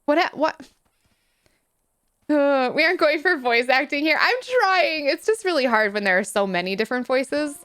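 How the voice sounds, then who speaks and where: A woman's voice: high voice, lively intonation, a little fast, few pauses, a bit bright. A young woman streamer chatting casually while playing a game, in a chatty, self-deprecating, giggly way. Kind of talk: casual gameplay chat.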